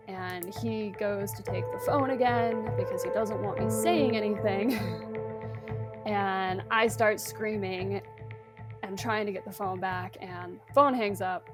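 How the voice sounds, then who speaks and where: A young woman in an interview recounting a personal ordeal, halting, with restarts and nervous laughs. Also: mid-range voice, fairly even intonation, over loud music. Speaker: interview guest recounting abuse.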